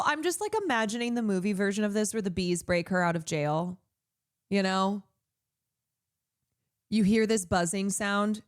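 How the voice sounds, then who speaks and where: A woman's voice: mid-range voice, measured pace, long pauses. A woman streamer reading a news story aloud and breaking in with heated, profane asides. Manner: profane, indignant. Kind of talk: casual news commentary.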